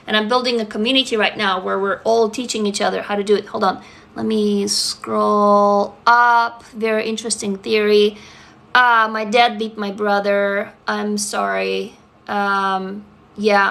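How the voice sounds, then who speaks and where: A Russian woman author chats candidly on a live stream, answering comments in a medium-pitched, creaky voice that sounds pushed and bright. She's blunt, swears freely, and laughs her way through heavy topics.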